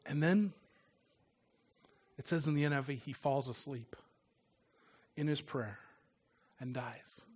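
A middle-aged man preaching and telling a personal story in earnest, often dropping to a hush at solemn moments. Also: mid-range voice, slow pace, long pauses, breathy edge. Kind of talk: sermon with personal testimony.

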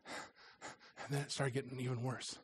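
A middle-aged man preaching and telling a personal story in earnest, often dropping to a hush at solemn moments. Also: mid-range voice, level tone, a little slow, slight background noise. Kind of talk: sermon with personal testimony.

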